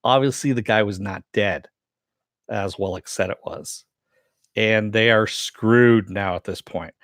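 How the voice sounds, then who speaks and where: Low-voiced man recapping a show, dry. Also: a bit bright, no room sound. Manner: rambling, halting with many fillers and restarts; acts out quoted lines with raised pitch. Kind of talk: casual episode recap with chat replies.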